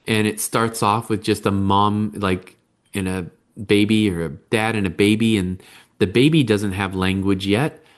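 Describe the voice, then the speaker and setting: A man's voice: lowish voice, steady tone, unhurried. A man, a parenting coach, talking in a podcast interview and explaining his points by acting out quotes. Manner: conversational, explains with acted-out quotes.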